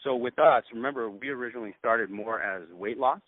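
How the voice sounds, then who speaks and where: Animated man coaching over a tinny call. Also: medium pitch, fairly quick, no room sound. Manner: animated, acts out what he says to patients. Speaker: clinic owner training other practitioners. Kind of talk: conversational sales coaching. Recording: dry, tinny call audio.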